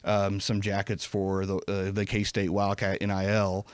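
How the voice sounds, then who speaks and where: A man's voice: low voice, completely flat delivery, measured pace, smooth, no room sound. A man talking as a podcast guest in casual chat, rambling with many fillers and restarts. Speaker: podcast guest, event company president.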